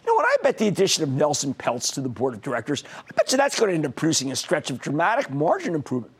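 A man's voice: a little high, huge pitch swings, rapid-fire, slightly rough. A man hosting a stock market TV show, losing his voice, giving emphatic, punchy commentary straight to viewers. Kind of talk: energetic financial TV commentary.

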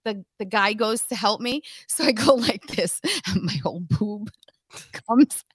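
A woman telling a story on a podcast in casual chat, animated and swearing often between bursts of laughter. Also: medium pitch, a little slow, slightly rough, no echo. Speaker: podcast co-host.

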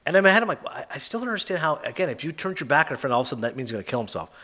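A man talks through films in a casual podcast chat, sarcastic and animated as he retells plots. His speech is quick and his pitch swings widely. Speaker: podcast host reviewing films.

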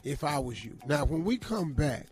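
A man co-hosting a radio advice segment, joking loudly in casual talk and tired after a sleepless night. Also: fairly high pitch, very animated, moderate pace, soft background music. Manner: loud, joking, informal Southern Black English phrasing. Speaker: radio co-host giving advice.

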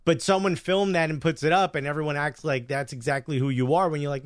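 A man co-hosting a live-streamed comedy podcast, talking in a casual, animated way and slipping in teasing jokes. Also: a little high, quick pace, no room sound, clean studio sound. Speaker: podcast co-host. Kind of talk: casual chat.

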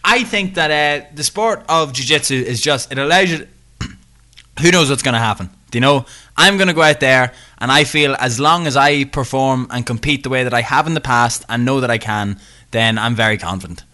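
A man's voice: medium pitch, moderate pace, pushed and bright. A young Irish man co-hosting a podcast, chatty and jokey, talking himself up. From Ireland. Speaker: podcast co-host. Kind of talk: casual podcast chat.

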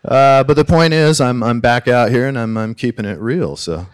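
A man telling a personal story on stage, animated, swearing and stammering as he acts out what people said. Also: medium pitch, moderate pace, clear, resonant tone.

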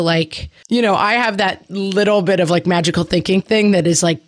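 A woman's voice: medium pitch, moderate pace, few pauses, no echo, studio quality. A woman co-hosting a casual podcast, telling wry personal stories with lots of loose fillers.

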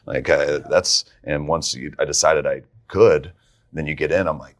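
A man's voice: rumbling low, moderate pace. A man who is a head coach, guesting on a podcast and telling stories casually, often restarting his sentences and laughing as he talks. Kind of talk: casual storytelling.

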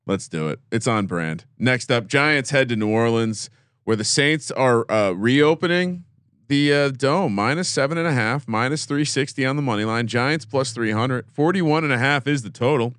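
A man's voice: mid-range voice, animated, normal speed, fairly bright tone, no echo, studio quality. A man hosting a casual sports betting chat, teasing his co-host as he reads the lines.

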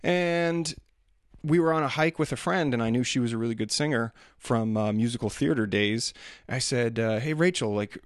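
A man's voice: medium pitch, normal speed, no room sound, clean studio sound. A middle-aged man musing casually and with self-deprecating humor in a solo monologue. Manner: chatty, self-deprecating, demonstrates singing sounds.

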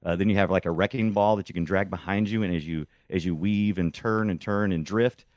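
A man talks casually about games in a rambling, excitable way, restarting sentences as he goes. His voice sits a little low and he sounds a bit under the weather. The recording is dry and close. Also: brisk, no room sound. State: sick, congested. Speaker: podcast co-host.

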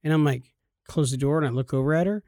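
Casting: high-pitched male podcast co-host, excitable storyteller who acts out the people in his stories, dry close sound. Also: fast talker, no room sound. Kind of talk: animated storytelling chat.

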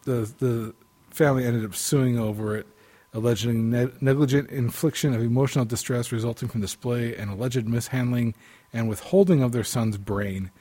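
A man's voice: mid-range voice, steady tone, mellow. A man co-hosting a casual podcast, reading odd news stories aloud with stumbles and restarts. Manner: halting, many restarts, laughs at stories. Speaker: podcast co-host.

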